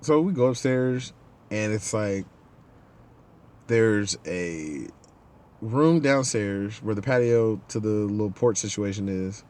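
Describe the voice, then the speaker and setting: A podcast host with a lowish voice tells a laid-back story at a slow pace. He's animated, acting out the people in his story.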